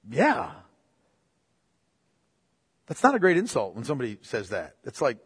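A man's voice: on the high side, very animated, moderate pace, slightly rough. A man preaching a sermon, emphatic and casual, repeating his phrases, recorded in a church hall. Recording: long reverb of a hall.

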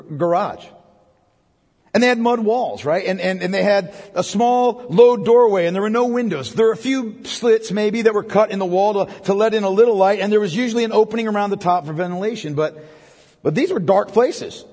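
Male pastor, high husky voice, chatty sermon full of "right?" asides, long church reverb. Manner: conversational preaching with frequent tag questions.

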